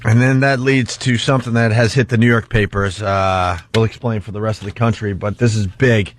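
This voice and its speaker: A man's voice: fairly low pitch, steady tone, a little fast. A man hosting a radio talk show, chatting casually, laughing and explaining things to listeners.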